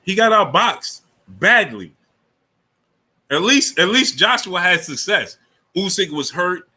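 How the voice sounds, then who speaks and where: A man's voice: high-pitched, big pitch swings, slow, sharp tone, a little hiss or hum. A man hosting a casual sports talk livestream, speaking in loose slang and greeting viewers from the super chat between his takes.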